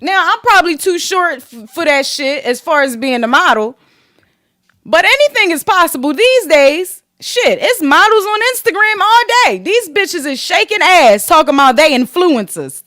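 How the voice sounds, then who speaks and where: Sassy high-voiced woman podcast host. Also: moderate pace, dry recording, clean studio sound. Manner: sassy, profane, animated gossip. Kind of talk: casual commentary podcast.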